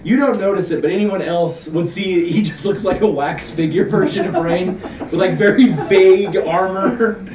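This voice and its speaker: A man's voice: high-pitched, moderate pace, crowd noise. A man narrating a tabletop game as game master, laughing often as he describes scenes. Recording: roomy distant mic with background noise.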